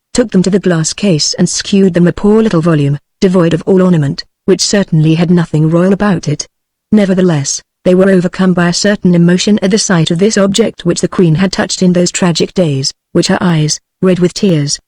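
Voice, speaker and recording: A text-to-speech woman's voice with a British English accent reading a novel aloud in an even machine manner, sometimes speaking the punctuation. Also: on the low side, no echo. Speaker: audiobook narrator. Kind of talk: synthetic audiobook reading.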